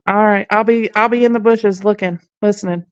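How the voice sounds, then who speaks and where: A woman chatting casually with a friend, mostly in short, quiet replies. Her voice is smooth and clear, but the recording sounds dull and a little far off. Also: mid-range voice, steady tone, fairly quick, no room sound. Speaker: friend of the host. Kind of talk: casual chat.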